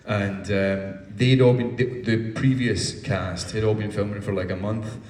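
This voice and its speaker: A man answering fans' questions at a convention panel, telling lively anecdotes with casual swearing. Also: fairly low pitch, measured pace. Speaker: guest actor answering fan questions. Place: large convention hall. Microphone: distant from the recording device. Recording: roomy hall sound, distant mic.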